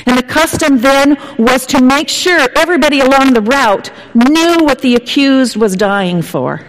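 A woman's voice: high-pitched, expressive, a little slow, a little hiss or hum. Woman preaching in a reverberant hall. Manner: dramatic storytelling, dropping at times to a hushed whisper. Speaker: pastor. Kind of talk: sermon.

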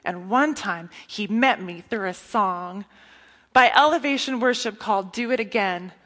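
A woman preaching a sermon in an earnest, intimate way, often dropping to a hush. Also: medium pitch, a little slow. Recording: long reverb of a hall.

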